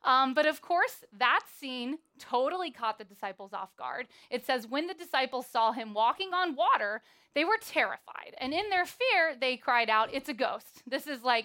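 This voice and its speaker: A woman preaching a sermon in a church, telling a Bible story in a lively, playful way. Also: high-pitched, moderate pace.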